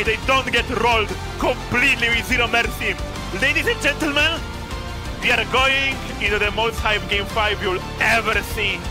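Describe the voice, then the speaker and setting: A man casting an esports match with loud hype calls, his voice hoarse and worn from screaming. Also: extremely high pitch. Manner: shouts big hype calls, then drops to tired casual talk. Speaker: esports caster and streamer. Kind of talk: hyped esports draft and game commentary.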